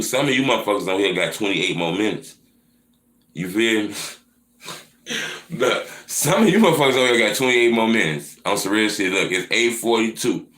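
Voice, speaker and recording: Deep-voiced man roasting his viewers. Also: reverberant. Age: 30s. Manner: profane, teasing banter that swings into loud mocking rants. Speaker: livestream host answering viewer questions. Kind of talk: casual live Q&A chat.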